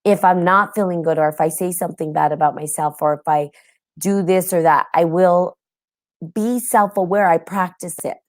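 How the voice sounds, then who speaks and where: A woman's voice: fairly low pitch, fairly even intonation, moderate pace, dry recording, studio quality. A woman hosting a casual spiritual podcast, chatty and tired, with many ums and frequent laughs. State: tired, yawning. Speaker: podcast host. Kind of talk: casual spiritual talk with live audience.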